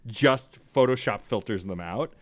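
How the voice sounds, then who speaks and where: A podcast host chatting casually, relaxed and full of fillers, introducing the guest. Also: mid-range voice, a little slow. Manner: relaxed, laughs easily, filler-heavy. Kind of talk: casual chat.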